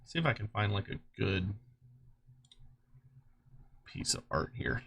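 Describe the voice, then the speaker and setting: A streamer chatting casually on a live stream, excitable and rambling, swearing freely and laughing often, short on sleep. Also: deep voice, slow pace, vocal fry, husky. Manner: rambling with frequent restarts.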